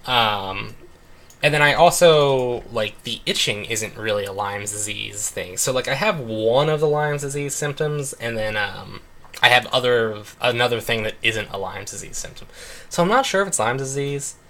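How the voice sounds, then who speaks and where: A young man talks through a video game session in loose, rambling chat, leaning on "like" and "um". His voice has a bright, forward edge at an ordinary middle pitch. He is recorded at home on a desk microphone. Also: expressive, normal speed. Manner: rambling, full of "like" and "um". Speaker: let's play host. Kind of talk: casual chat while gaming.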